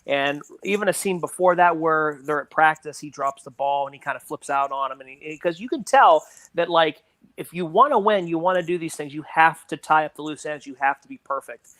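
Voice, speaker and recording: A man's voice: on the high side, a little fast, a bit bright, no room sound. A man talking through a film as a podcast guest, rambling and leaning on "you know" fillers. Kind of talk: casual movie discussion.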